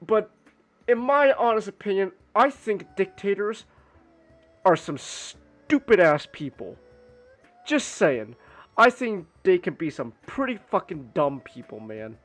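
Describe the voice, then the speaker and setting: A man's voice: high-pitched, very animated, slow pace, soft background music. A man streaming casually while drawing, rambling with lots of restarts and swearing.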